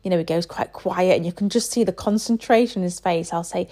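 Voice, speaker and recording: A woman's voice: lowish voice, a little fast, dark tone. A woman in her thirties, a parent chatting casually and rambling with lots of fillers. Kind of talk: casual chat.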